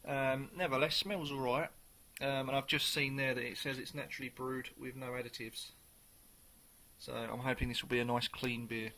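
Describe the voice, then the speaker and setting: A man's voice: medium pitch, little pitch movement, moderate pace, sharp tone. A man talking casually through a beer review, rambling a little and full of ums. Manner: chatty and rambling, with many ums.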